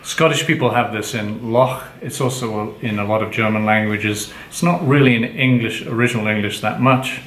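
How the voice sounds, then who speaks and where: A man teaching pronunciation, explaining slowly and patiently and prompting his partner for examples. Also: on the low side, fairly even intonation, fairly bright tone. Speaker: language teacher. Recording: echoey room with faint background noise.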